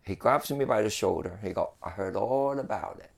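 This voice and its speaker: A man's voice: lowish voice, animated, moderate pace, gravelly. A man telling a long story in casual chat, rambling with many fillers and restarts.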